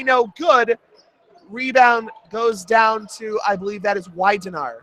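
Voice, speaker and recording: A young man doing jokey, rapid play-by-play commentary for a college radio basketball broadcast. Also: pushed and bright. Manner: jokey, rapid play-by-play that jumps in pitch on big shots. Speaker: play-by-play announcer.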